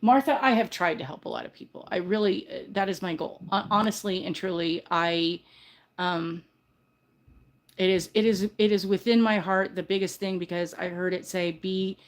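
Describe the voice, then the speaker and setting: Speaking at a moderate pace with medium pitch, this older woman runs a laid-back livestream. Her talk is sincere and from the heart, wandering a bit, and she keeps restarting and fixing what she says.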